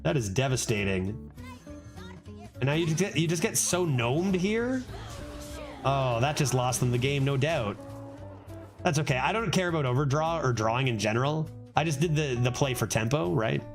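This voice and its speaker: A man livestreaming a card game, giving excitable, casual commentary and laughing often. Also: mid-range voice, moderate pace, soft background music.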